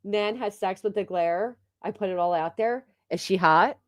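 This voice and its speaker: A woman's voice: mid-range voice, normal speed, dry recording, clean studio sound. A woman hosting a casual livestream, chatting and gossiping while reading viewer comments aloud, and laughing often. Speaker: livestream host.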